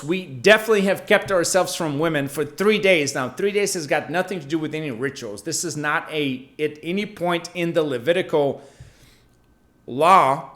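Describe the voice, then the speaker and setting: A man's voice: on the high side, fairly bright tone. A man reading Bible verses aloud and then explaining them in a casual teaching manner, often checking in with "right?".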